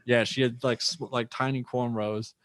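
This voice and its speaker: Young male comedian guest, mid-pitched, dry close sound, loose profane storytelling with acted-out quotes. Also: flat delivery, moderate pace, fairly bright tone, dry recording. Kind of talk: casual storytelling.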